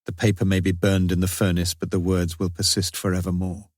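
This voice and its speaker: A low-voiced, anguished father pours out his confessional diary in a solemn, despairing, theatrical way, as a man reads it. The sound is close and dry. He stays heavy and grieving throughout. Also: flat delivery, brisk, a little mellow, dry recording.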